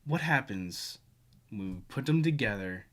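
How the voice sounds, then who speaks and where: A man's voice: on the low side, animated, a little slow, a bit bright. A man co-hosting a casual commentary show, reacting to clips with wry, sarcastic asides.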